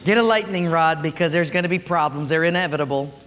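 A man preaching a sermon as pastor, earnest and exhorting, dropping low and soft for emphasis. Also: fast, slight background noise. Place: church. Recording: reverberant church hall with faint music.

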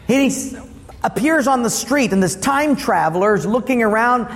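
A man preaching a sermon as pastor, lively and asking the congregation questions. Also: extremely high pitch, moderate pace, big-room sound.

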